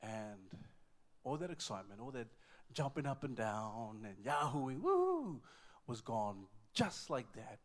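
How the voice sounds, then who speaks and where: A man preaching in a church, telling a personal story with strong emotion, repeating words and swinging between hushed and loud moments. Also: fairly low pitch, unhurried. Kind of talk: sermon with personal testimony.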